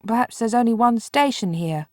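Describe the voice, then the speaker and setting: A woman's voice: fairly high pitch, expressive, normal speed, a little mellow, dry recording, clean studio sound, lightly acted. A woman voicing a cheerful, determined young boy in a storybook reading. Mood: curious.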